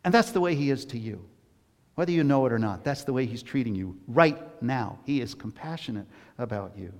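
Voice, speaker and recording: A male pastor giving a conversational sermon that swings between hushed asides and emphatic bursts. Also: mid-range voice, animated, brisk, in a large hall.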